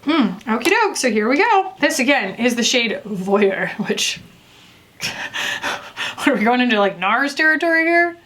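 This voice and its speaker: A woman's voice: fairly high pitch, very animated, a little slow, fairly bright tone. A young woman beauty reviewer chatting casually and rambling with lots of fillers while doing her makeup.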